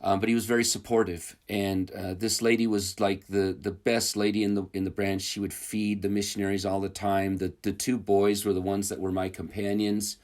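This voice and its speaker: Casting: man with a lowish voice, relaxed anecdote teller, chuckles, loose and rambling. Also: moderate pace, hardly any pauses. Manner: rambling and chuckling, with many fillers and restarts. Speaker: returned missionary telling stories. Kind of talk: casual storytelling interview.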